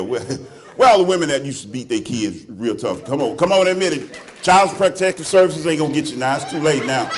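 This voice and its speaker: A man with a Southern US accent doing a stand-up comedy set, loosely teasing the crowd and laughing along as he talks. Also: on the high side. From Alabama. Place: club stage before a live audience.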